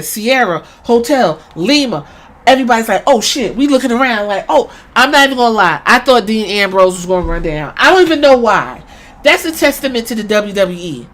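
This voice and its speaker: A woman hosting a podcast, giving a casual, profane recap and acting out moments with sudden shouts. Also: medium pitch. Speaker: podcast host.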